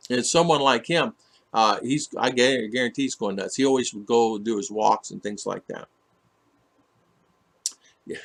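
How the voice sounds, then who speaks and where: A man talking casually on a home livestream, greeting viewers by name and answering their comments. He rambles, stops and restarts often, and fills gaps with lots of "uh". His voice sits at a middle pitch. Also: a bit bright. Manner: rambling, many fillers and restarts. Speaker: livestream host reading chat. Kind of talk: casual live chat. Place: home in the Philippines.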